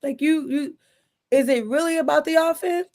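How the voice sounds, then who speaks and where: A woman's voice: sits high, moderate pace, a little mellow. A woman hosting a casual sports chat, talking emphatically with frequent restarts and repeated exasperated questions. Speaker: sports podcast host.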